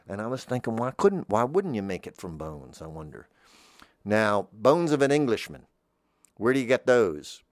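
In a dry, studio-quality recording, a podcast host with a lowish voice drifts through a comic monologue. He keeps trailing off and picking back up, tossing in self-deprecating asides along the way.

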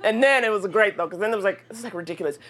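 A woman's voice: mid-range voice, very fast, noisy background. A woman telling a comic story in a radio studio, laughing often and swearing freely. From United States. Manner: profane, laughing, animated. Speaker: guest storyteller.

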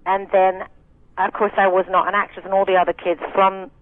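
A Scottish woman in her sixties, a singer and actress, tells frank, chatty stories full of asides in a casual interview. Her mid-range voice holds a level tone at a brisk clip. The audio is a tinny, dry phone line.

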